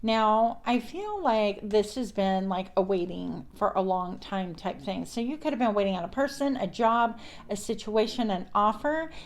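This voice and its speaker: A woman's voice: mid-range voice, animated, moderate pace. A woman giving a casual tarot reading, chatty and meandering, mixing spiritual affirmations with card talk. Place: indoors at a counter.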